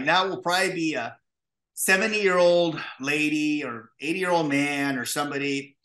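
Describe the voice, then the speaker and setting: A man who is a guest on an interview show, telling stories in an animated, profane way and acting out the dialogue. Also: a little high, moderate pace, reverberant. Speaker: guest, pizza restaurateur. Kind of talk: casual interview storytelling.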